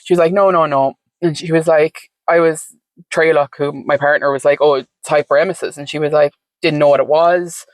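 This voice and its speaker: In a dry recording, a woman with a deep, darkish voice talks fairly quickly and in a steady tone. She's a candid podcast guest, chatty and full of fillers, now and then letting a swear word slip.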